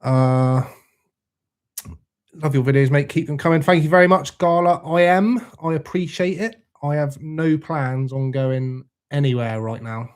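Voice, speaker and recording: A young man with a fairly high, slightly mellow voice takes his time as he hosts a casual livestream. Laid-back and freely swearing, he reads chat and greets viewers by name.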